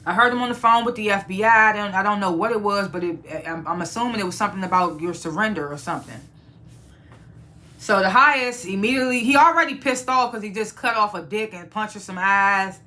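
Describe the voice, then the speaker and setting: A woman's voice: medium pitch, fairly quick, pushed and bright. A woman hosting her own review channel, recapping a TV episode in a casual, profane way and acting out the characters' lines as she goes.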